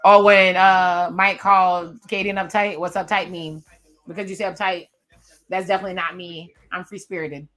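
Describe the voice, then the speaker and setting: A woman's voice: on the low side, flat delivery, moderate pace, a bit bright. A young woman giving casual, gossipy commentary while reacting to a reality show, laughing often. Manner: chatty, laughing, gossipy recaps and quotes. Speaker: reaction video host.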